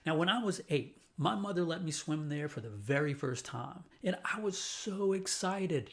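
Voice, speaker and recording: A man from New Orleans telling a personal childhood story with a lesson, in an animated and playful way. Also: on the high side, normal speed, gravelly, few pauses. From New Orleans, USA.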